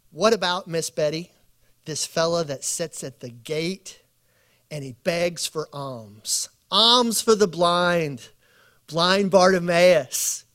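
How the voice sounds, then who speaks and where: Man preaching in slow emphatic lists. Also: high voice. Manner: preachy, animated storytelling with acted quotes. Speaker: pastor. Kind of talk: sermon at a bible study.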